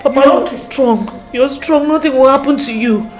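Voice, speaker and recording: A woman's voice: sits high, moderate pace, lightly acted. An actress with a Nigerian accent playing a young daughter who pleads with her dying father. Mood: pleading. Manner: pleading, then wailing and crying. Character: grieving young daughter Esther. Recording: echoey, distant, over loud music.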